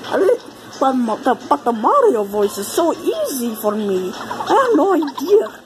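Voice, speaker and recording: A woman with a cold giving excitable, rambling commentary over her gameplay, exclaiming often. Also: high-pitched, unhurried, background noise. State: has a cold. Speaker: let's play gamer. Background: game music.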